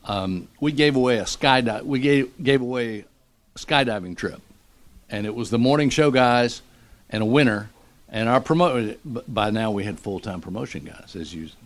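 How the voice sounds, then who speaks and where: A middle-aged man, a radio morning show host, telling a story in a lively, animated way. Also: medium pitch, moderate pace. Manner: animated storyteller, acts out quotes. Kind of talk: casual storytelling.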